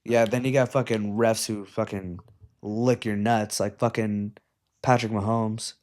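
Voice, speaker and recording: A man's voice: fairly low pitch, fairly even intonation, unhurried, a little mellow. Profane young-adult man telling a story. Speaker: youth wrestling coach. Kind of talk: casual podcast chat.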